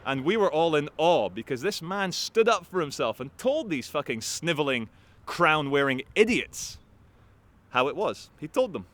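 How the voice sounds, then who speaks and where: Bright-voiced man ranting outdoors. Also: a little high, moderate pace. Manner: animated, profane, rambling. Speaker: activist vlogger. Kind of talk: ranting storytelling to camera.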